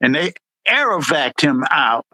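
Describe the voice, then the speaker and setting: The veteran guest, a middle-aged man who once supervised in the Air Force, shares stories in an unhurried, casual, lively manner, his voice shooting high when he imitates what people said. The recording is dry and rough.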